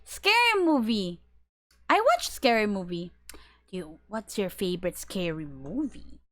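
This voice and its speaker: Woman streamer, slow and giggly, bright close voice. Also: medium pitch, sing-song, dry recording. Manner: giggly, drawn-out reactions. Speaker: VTuber streamer. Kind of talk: casual stream reaction chat.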